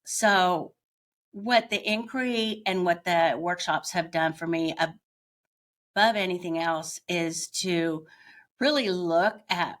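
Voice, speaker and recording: An older woman speaks in a slightly low voice as a guest on an interview. She tells her personal story in a candid, reflective way and often pauses to search for the right words. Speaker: guest, yoga teacher.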